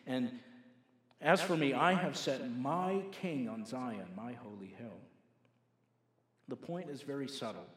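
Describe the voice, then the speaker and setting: A man preaching a sermon, moving from a told story to forceful preaching, recorded in a reverberant hall. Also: a little high. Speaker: pastor. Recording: echoey hall with long reverb.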